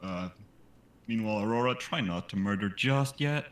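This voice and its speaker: A man with a very deep voice describes his character's moves at a tabletop game. He thinks aloud with hesitant fillers. His mic picks up an echoey room. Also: lively intonation, moderate pace. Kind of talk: casual game-table talk.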